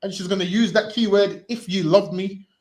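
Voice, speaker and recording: Man, high-pitched, forceful repetitive preaching, roomy echo. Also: steady tone, moderate pace. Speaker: street preacher. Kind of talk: street preaching.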